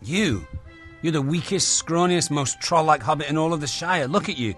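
A man's voice: fairly high pitch, animated, normal speed, a bit bright, faint music behind. A man voicing a smug male hobbit adventurer who mocks his companion. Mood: mocking.

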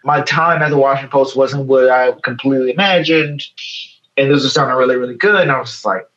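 A man in his thirties from Chicago, a guest in a casual interview, telling a story in a lively way and acting out the lines of other people. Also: medium pitch, fast, lo-fi sound. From Chicago, USA. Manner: animated, acts out quoted dialogue. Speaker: guest photo editor.

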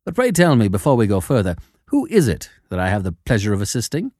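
A man voicing a cool, shrewd detective who speaks in a measured, quietly sardonic way in an audiobook. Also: on the low side, huge pitch swings, no echo, studio quality, pitched below the performer's own voice. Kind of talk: audiobook character voice.

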